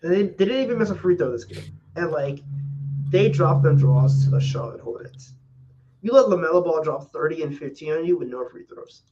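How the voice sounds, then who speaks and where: A man with a fairly high voice talks basketball in casual podcast chat. He rambles and halts and fills his sentences with "like" and "um". His mic sounds dull and lo-fi, with a faint hiss underneath. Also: animated. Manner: rambling, halting, many fillers. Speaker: podcast co-host.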